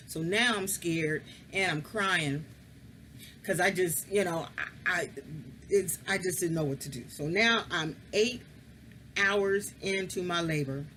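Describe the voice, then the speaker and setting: A woman's voice: lowish voice, fairly bright tone, a little hiss or hum. A woman casually telling a personal story, frank and candid, swearing freely and confiding straight to the listener.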